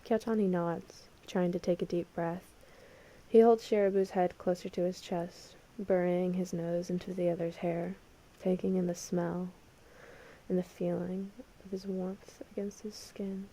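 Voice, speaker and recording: Woman narrator, fan fiction audiobook, mellow, flat even delivery, quiet. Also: fairly low pitch, measured pace. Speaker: podfic reader.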